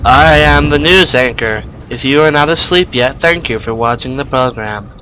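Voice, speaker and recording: A man voicing a dull male TV news anchor in a flat, mock-formal monotone. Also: mid-range voice, moderate pace, slight background noise, voice pushed down, natural voice. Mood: mock-solemn.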